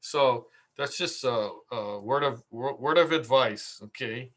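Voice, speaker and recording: A man's voice: medium pitch, unhurried, fairly bright tone. A man, a contractor, giving casual marketing advice through stories, chatty with many fillers and repeats. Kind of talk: casual anecdotal talk.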